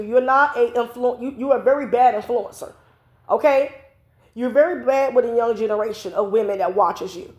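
Blunt, profane woman ranting in an echoey room. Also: fairly high pitch. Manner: blunt, profane, scolding, repetitive asides. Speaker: commentary vlogger. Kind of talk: ranting opinion vlog.

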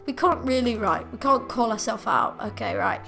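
A woman giving excitable let's play commentary, often shrieking and scolding her pet dog in the game. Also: fairly high pitch, moderate pace, gravelly, faint music behind. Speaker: gaming video creator.

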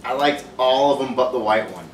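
A woman from the United States with an unusually deep voice gives frank, offhand verdicts in a home candy taste test. She sits away from the camera mic, so her voice echoes around the room. A faint hiss sits underneath. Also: a little fast, recorded from a distance. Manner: frank and offhand, blunt opinions. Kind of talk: casual taste-test chat.

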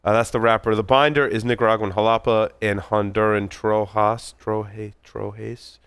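Man, low smooth voice, casual co-host, chatty, dry sound. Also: level tone, normal speed, fairly bright tone, no room sound. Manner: chatty, self-deprecating, stumbles over names. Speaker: podcast co-host. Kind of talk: casual chat.

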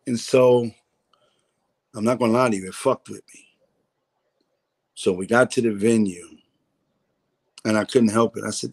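This male comedian is a guest in a relaxed interview, spinning a candid story full of swearing and voiced impressions of the people he quotes. His voice is on the low side and steady, a little slow, with vocal fry and frequent pauses.

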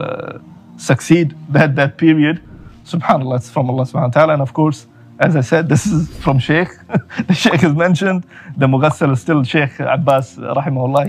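A man casually telling a story out loud, animated and acting out the people in it. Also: medium pitch, gravelly, a little hiss or hum.

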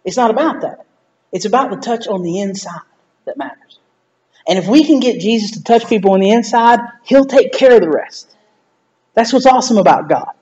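A man with a high voice preaching to his church, chatty and animated, slipping into quoted lines along the way. The recording sounds dull and lo-fi. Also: fairly quick. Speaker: pastor. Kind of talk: sermon.

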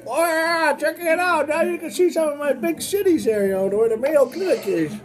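A woman's voice: high-pitched, normal speed. A woman giving goofy, exclamatory gameplay commentary and putting on voices for places, with faint music behind.

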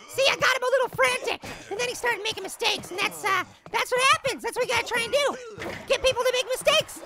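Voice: very high voice, vocal fry, heavily acted. A voice actor playing a tiny, cheeky cartoon apple who plays a basketball video game and trash-talks the opponents. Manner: trash-talking, excitable, quick banter at the game. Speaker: gaming channel host. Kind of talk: cartoon character game commentary.

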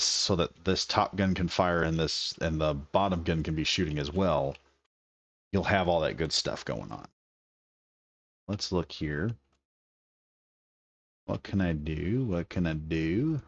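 A man's voice: low voice, no room sound, muffled recording. A man giving casual, enthusiastic gameplay commentary, thinking aloud as he builds. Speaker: gaming video creator.

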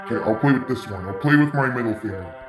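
A man's voice: medium pitch, animated, fast talker, roomy sound, music in the background, low-quality recording. A man giving let's-play commentary on a game, swearing and venting frustration between plays. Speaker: gaming YouTuber.

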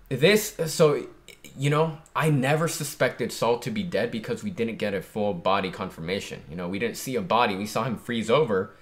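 A man giving excited, casual commentary while reacting to a comic chapter, hyped and animated, often saying "dude". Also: mid-range voice. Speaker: manga reaction streamer.

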